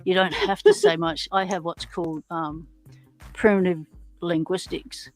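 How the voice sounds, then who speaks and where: A woman chatting casually on a livestream, laughing through her sentences and filling pauses with um. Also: lowish voice, huge pitch swings, gravelly, faint music behind. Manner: chatty, laughs mid-sentence, many ums. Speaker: livestream guest. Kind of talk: casual chat. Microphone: headphones and computer mic.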